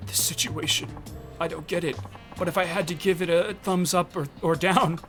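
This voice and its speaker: A man's voice: sits high, fairly even intonation, normal speed, a bit bright, soft background music. A man streaming a game live, tossing in joking, flustered asides while reading.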